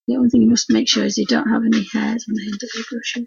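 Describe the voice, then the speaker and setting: A woman with a Yorkshire accent and a hoarse, croaky voice chats in a homely, rambling way while she demonstrates painting on a live stream from her desk at home. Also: on the high side, level tone, rapid-fire, background noise. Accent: Yorkshire English. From Yorkshire, England. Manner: homely, rambling, talks to her dog and viewers. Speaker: craft tutor streaming live. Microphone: computer mic for a live stream. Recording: dull lo-fi live stream audio.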